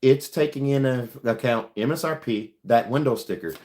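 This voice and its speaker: A man hosts a casual livestream as a car salesman, talking in a loose, rambling way full of ums and uhs. He gives frank, practical advice at a medium, unremarkable pitch. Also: moderate pace, a little mellow. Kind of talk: casual livestream chat answering viewer questions.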